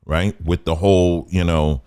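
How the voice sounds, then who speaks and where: A man's voice: deep voice, fairly even intonation, unhurried, dark tone, smooth. A man hosting a livestream, talking emphatically, repeating his points and asking rhetorical questions. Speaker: livestream host. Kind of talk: livestream commentary.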